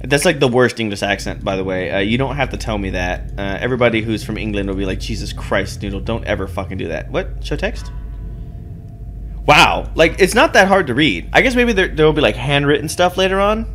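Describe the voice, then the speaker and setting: A man's voice: mid-range voice, very animated, brisk, a bit bright, a little hiss or hum. Chatty, swearing man playing a game. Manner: swears, reads on-screen text aloud; self-deprecating, chatty. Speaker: let's play host. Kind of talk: casual gameplay commentary.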